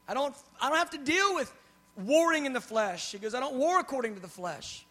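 A man's voice: very high voice, lively intonation, brisk, a bit bright. A man preaching a sermon, retelling scripture in a conversational, acted-out way, dropping to a whisper for tender lines and building to emphatic preaching. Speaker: pastor.

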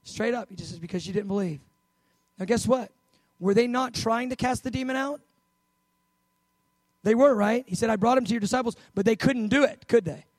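A man preaching a sermon, acting out Bible scenes with loud bursts and hushed, tender asides. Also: high voice, dry recording, poor audio. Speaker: pastor.

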